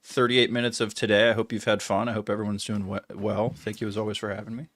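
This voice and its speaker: A man who produces a live talk show, joining the host for quick, chatty, self-deprecating banter. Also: lowish voice, flat delivery, fairly bright tone.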